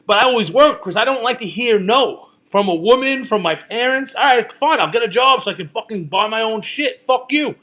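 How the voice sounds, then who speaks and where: Fairly quick and with few pauses, a middle-aged Brooklyn podcast host pushes out heated stories in a bright voice that's fairly high for a man. His intonation is lively as he rambles profanely and casually on his own show.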